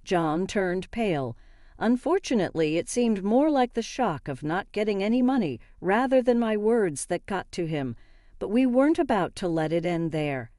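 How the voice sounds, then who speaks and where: An older woman reading a dramatic family story aloud in a steady, even manner. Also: mid-range voice, moderate pace, no echo, studio quality. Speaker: narrator. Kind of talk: scripted story narration.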